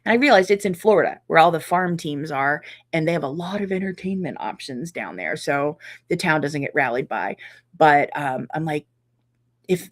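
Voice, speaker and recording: A middle-aged woman hosting a casual live chat, reading viewer comments and reacting warmly and chattily. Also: fairly low pitch. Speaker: quilting channel host.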